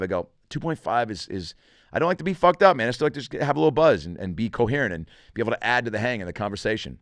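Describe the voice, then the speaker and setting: A man's voice: medium pitch, expressive, racing, dry recording, studio quality. A middle-aged man, a comedian hosting a podcast, telling a story in casual, profane fashion and acting out the quotes.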